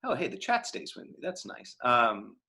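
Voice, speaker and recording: This man's mid-range voice is creaky, bright and forceful, swinging widely in pitch at a normal pace. Running an acting class on a video call, he handles chat questions in a live online lecture Q&A, chatty and casual, thinking aloud with plenty of fillers and restarts.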